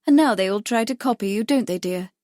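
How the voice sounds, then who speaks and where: A woman's voice: mid-range voice, fast talker, warm tone, no room sound, studio quality, lightly acted. A woman voicing a glamorous, teasing actress who is playing hostess, in a storybook reading. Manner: playful, gracious.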